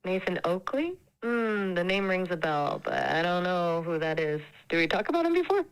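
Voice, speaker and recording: A woman's synthetic AI assistant voice in casual chat, polite, measured and upbeat. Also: lowish voice, animated, smooth, rough recording.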